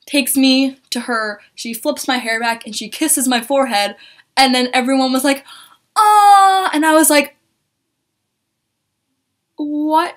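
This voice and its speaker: A young woman telling a story to camera in an excited vlog, gushing, swearing and acting out quotes in a higher voice. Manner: gushing, swears a lot, acts out quotes in a high voice. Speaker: vlogger.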